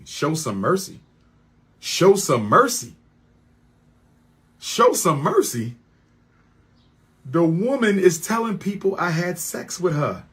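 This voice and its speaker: A man in a heated, mocking rant to his audience, repeating lines for effect and swinging from loud outbursts to quiet asides. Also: on the high side, sing-song, takes it slowly, pauses often, husky. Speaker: speaker addressing his audience.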